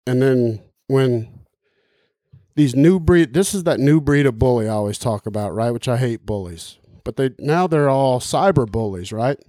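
Here the same kind of podcast chat comes from a man at an ordinary middle pitch, talking at normal speed with a warm, expressive delivery. He wanders through profane, emphatic rambles full of asides, and the recording is dry and close with no room sound.

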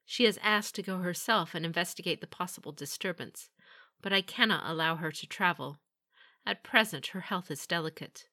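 Audiobook: woman reading as a measured samurai lord, formal and restrained, in a low, bright-edged voice. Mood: grave.

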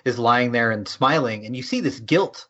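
A man's voice: mid-range voice, moderate pace, bright, forceful tone. A man co-hosting a casual movie podcast, thoughtful and chatty, with an easy laugh. His voice sits mid-range and comes through a dull, lo-fi mic. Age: older. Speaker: podcast co-host. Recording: dull lo-fi sound.

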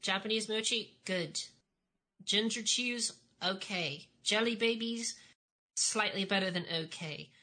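A woman's voice: mid-range voice, a little slow, sharp tone. A woman co-hosting a podcast in casual chat, tipsy and tired, giggly and stumbling over her words. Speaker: podcast co-host.

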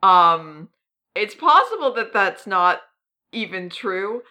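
A woman's voice: medium pitch, sing-song, slow pace, pushed and bright. A woman co-hosting a podcast in casual chat, talking in a hesitant way with many ums and self-deprecating asides. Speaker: podcast co-host.

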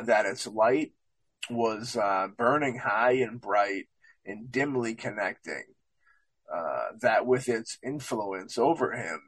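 A man's voice: medium pitch, a bit bright, husky, no room sound, rough recording. Rambling man reading and musing aloud. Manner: rambling, repeats "you know what I mean"; reads aloud haltingly with slips. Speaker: show presenter discussing a book. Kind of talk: casual reading and commentary.

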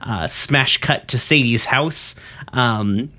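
A man's voice: slow pace, bright, forceful tone. A man on a podcast casually recapping an episode, rambling with lots of ums and uhs and throwing in curse words. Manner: loose, rambling, lots of ums and uhs, acts out quotes in higher voices.

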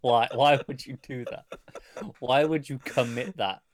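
A man's voice: mid-range voice, steady tone, unhurried, dry recording. A man co-hosting a casual podcast, chiming in with dry teasing remarks. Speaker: podcast co-host. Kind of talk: casual chat.

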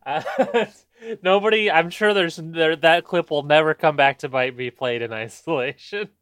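A man's voice: a little high, a little slow, a bit bright, clean tone, dry recording. A man co-hosting a casual podcast chat, prone to giggles and crude jokes, often restarting his sentences. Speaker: podcast co-host.

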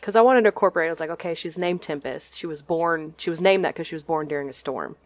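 A woman from Texas talks freely about her hobbies as a podcast guest, with a low voice that is often broken up by fillers and little laughs. The sound is dry and close, with almost no room around her. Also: fast, no echo. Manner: chatty, lots of fillers and laughs. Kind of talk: casual chat. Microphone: video call.

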